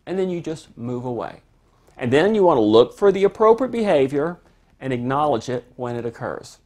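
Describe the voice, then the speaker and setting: A parenting instructor talks through the lesson in a calm, unhurried, conversational way. The voice sits mid-range, and the points come with plain household examples. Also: medium pitch. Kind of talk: instructional talk to camera.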